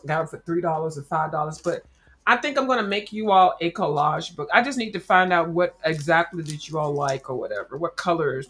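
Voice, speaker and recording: A woman chats loosely with her viewers while she works on a craft project. Her voice sits a little low, and her talk is rambling and full of slang as she addresses everyone as y'all. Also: fairly bright tone. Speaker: crafting livestream host. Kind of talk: casual chat while crafting.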